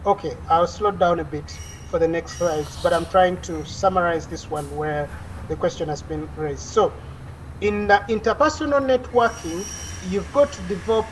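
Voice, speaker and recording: A woman's voice: on the low side, moderate pace, slight background noise, rough recording. Woman lecturing with frequent fillers. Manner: explanatory, frequent "uh" fillers and restarts. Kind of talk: online class lecture.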